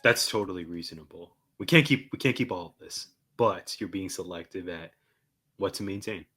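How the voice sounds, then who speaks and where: A young man co-hosting a podcast, agreeable and quick to laugh. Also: low voice, pushed and bright, faint music behind. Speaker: podcast co-host. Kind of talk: casual chat.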